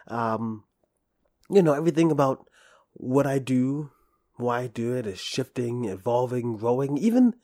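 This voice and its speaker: A man hosts his podcast alone in a small room, talking into a close mic. His voice is mellow and unhurried, and the sound is dry. He rambles playfully, dropping to near-whispers and then jumping up loud. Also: medium pitch, no room sound. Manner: playful, swings between whispery asides and loud bursts; self-deprecating, rambling with restarts. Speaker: podcast host. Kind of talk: solo podcast monologue. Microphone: close studio microphone.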